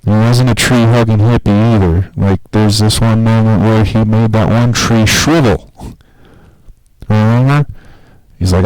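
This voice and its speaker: A man talking casually on a podcast in a rambling, profane, animated way. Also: fairly low pitch, moderate pace, dry recording, poor audio. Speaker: podcast host.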